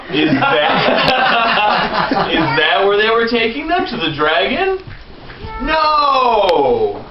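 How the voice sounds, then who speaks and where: A man telling his young nieces a made-up fairy tale in a playful way, often chuckling. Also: on the high side. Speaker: uncle telling a story to young children. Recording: distant, muffled, echoey, loud hiss.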